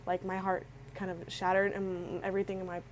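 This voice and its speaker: A woman's voice: medium pitch, completely flat delivery, a little fast, a little hiss or hum, poor audio. A young woman on the verge of tears, rambling through a personal story with many restarts and filler words. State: tearful, close to crying. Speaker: vlogger. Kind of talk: emotional storytelling.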